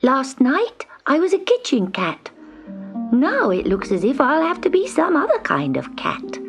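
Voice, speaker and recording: A woman voicing a timid young male witch's kitten on a storybook tape, high and earnest. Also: huge pitch swings, measured pace, faint music behind, exaggerated voice. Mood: wondering.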